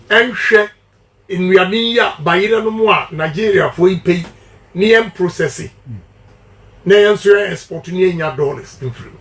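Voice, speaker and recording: A man's voice: high-pitched, a bit bright. A middle-aged man with a Ghanaian English accent, giving a campaign interview in an emphatic, preacher-like cadence with repeated slogans. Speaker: politician giving a radio interview.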